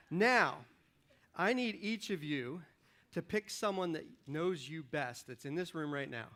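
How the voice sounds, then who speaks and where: The pastor's voice is high and bright, with lively intonation and a slightly slow delivery, carried by a stage microphone. Joking and upbeat on the church stage, he gets the congregation participating by calling up volunteers and counting them in before turning to his message.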